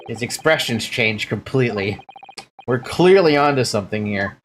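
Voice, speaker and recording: A woman's voice: extremely low pitch, animated, normal speed, a little hiss or hum. A woman giving casual, blunt commentary over a game playthrough, swearing freely. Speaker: let's play streamer.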